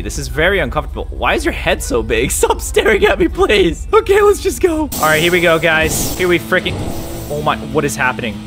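A young man giving excited, hyper gameplay commentary, yelling and swearing mildly. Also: fairly high pitch. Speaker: gaming YouTuber. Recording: music playing under voice.

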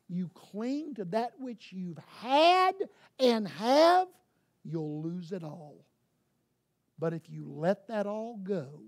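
Slow, emphatic woman preaching. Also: fairly high pitch, darkish tone. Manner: emphatic, rhetorical questions, halting restarts. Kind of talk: sermon.

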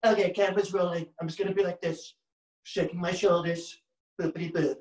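A man's voice: high voice, flat delivery, fairly quick, darkish tone, roomy sound, recorded from a distance, lightly acted. A man doing a cute, playful caricature of a male president, bouncy and light.

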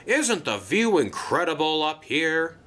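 A man voicing an excitable, bossy male crane who shouts warnings. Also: a little high, unhurried, voice pushed up. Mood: cheery. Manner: shouting, eager.

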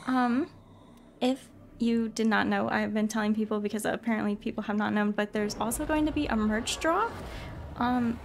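A woman's voice: a little high, gravelly, slight background noise. A woman streaming a game, chatting casually, apologizing and greeting viewers by name in a bubbly way. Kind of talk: casual live-stream chat while gaming. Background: game music.

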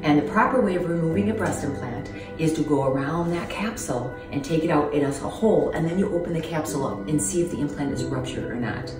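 A woman in her fifties giving an emotional personal testimony in an interview, halting and earnest, close to tears. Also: low voice. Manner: earnest, halting, many ums. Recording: roomy distant mic with music.

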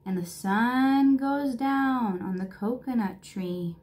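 A woman reading a picture book aloud to children, playful and expressive, sometimes dropping to a whisper and sometimes rising in excitement. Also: on the high side, slow. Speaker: children's storybook reader.

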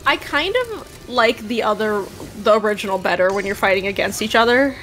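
A woman's voice: mid-range voice, animated, a little fast, fairly bright tone, soft background music, rough recording. A woman casually chatting while playing a video game, laughing often and getting emotional. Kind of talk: casual gaming chat.

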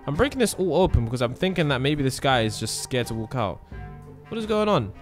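A man hosting a gaming channel, giving let's-play commentary in an excitable way, often exclaiming and thinking aloud. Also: medium pitch, a little fast, faint music behind.

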